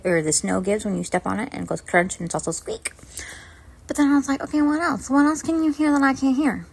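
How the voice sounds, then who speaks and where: A young adult woman telling a story to camera in a casual vlog, animated and acting out the dialogue. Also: mid-range voice. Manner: animated, acts out both sides of dialogue. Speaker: vlogger.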